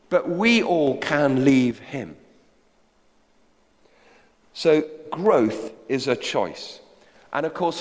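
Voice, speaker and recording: A man preaching a sermon, exhorting his congregation directly with rhetorical questions. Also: medium pitch. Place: church hall. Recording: long reverb of a large hall.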